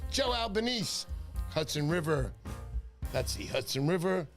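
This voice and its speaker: A middle-aged man hosting a fishing livestream, exuberant and loud, shouting viewers' names and joking with his wife. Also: fairly high pitch, very animated, measured pace, soft background music. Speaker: fishing show host. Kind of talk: excitable livestream chat.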